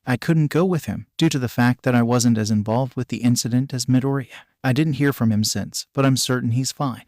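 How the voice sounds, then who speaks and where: A man's voice: mid-range voice, a little mellow, dry recording. Man narrating a fan story, dry sound. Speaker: fan fiction reader.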